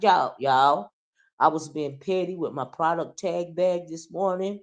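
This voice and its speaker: A woman's voice: lowish voice, measured pace. A woman hosting a casual gossip commentary stream, chatty and rambling, with speech and many fillers and restarts. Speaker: YouTube commentary host.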